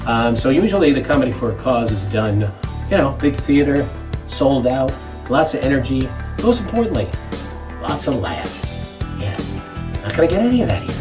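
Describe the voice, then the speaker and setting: A man's voice: medium pitch, sing-song, moderate pace, over music. A man casually introducing a comedy fundraiser from his home wine cellar, rambling and hesitant.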